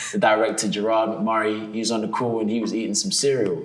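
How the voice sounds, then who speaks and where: A man, a guest in an interview, telling his story in an animated way and acting out what people said. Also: on the low side, a little fast. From England. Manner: animated storyteller, acts out quotes. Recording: roomy echo.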